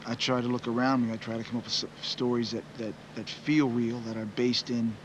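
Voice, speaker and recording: A man's voice: medium pitch, fairly even intonation, fairly quick, dull audio, background noise. A man in his forties, a musician, giving rambling, reflective interview answers full of "you know" fillers.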